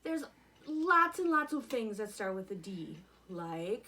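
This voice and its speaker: A woman's voice: mid-range voice, very animated, takes it slowly, noisy background. A woman teaching a virtual preschool lesson, talking to young children in an encouraging, sing-song way and singing along.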